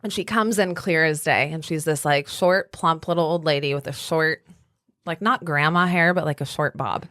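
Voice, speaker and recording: A woman in her thirties, a podcast guest telling a story in a casual, animated way with lots of fillers. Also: low-pitched, moderate pace, no room sound, studio quality. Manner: animated, chatty, many fillers. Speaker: podcast guest, salon owner.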